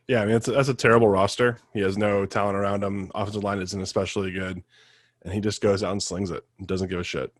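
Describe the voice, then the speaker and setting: A man with a low voice talks quickly and bluntly in a casual sports chat. His voice is dry and close to the mic. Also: little pitch movement, dry recording. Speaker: co-host.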